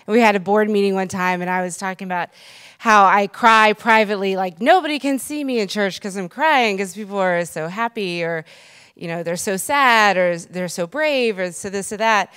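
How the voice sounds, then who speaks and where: A woman's voice: medium pitch, normal speed, fairly bright tone, smooth. Chatty young woman giving an emotional tribute. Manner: chatty and emotional, with slang and asides. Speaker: congregation member giving a tribute. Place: church sanctuary.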